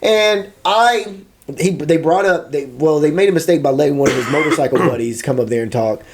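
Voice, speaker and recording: Comedy podcast host, man, high voice, animated joking storyteller. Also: brisk, slight background noise. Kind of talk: casual comedic chat.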